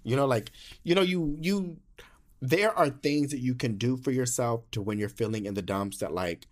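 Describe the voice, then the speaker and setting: Young man, podcast host, sassy, animated, slangy, casual monologue, mid-pitched voice. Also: moderate pace.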